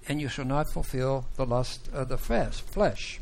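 A man teaching a Bible class, talking slowly and haltingly with many fillers and restarts. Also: mid-range voice, creaky, a little mellow. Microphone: microphone that sometimes cuts out.

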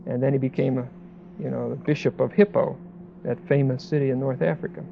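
A man preaching a Bible sermon in a conversational way, with many pauses and restarts, as a pastor. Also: medium pitch, fairly even intonation, creaky, highs cut off, a little hiss or hum.

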